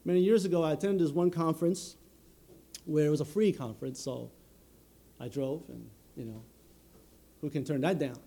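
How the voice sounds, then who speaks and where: A man preaching a sermon in an earnest, measured way, often filling pauses with "you know". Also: fairly high pitch, vocal fry, warm tone.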